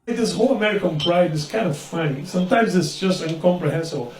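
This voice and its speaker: A man from Brazil with a Brazilian accent, performing a stand-up comedy set with deadpan storytelling and punchy put-on voices. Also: high voice, quick pace, noisy background. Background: loud audience laughter.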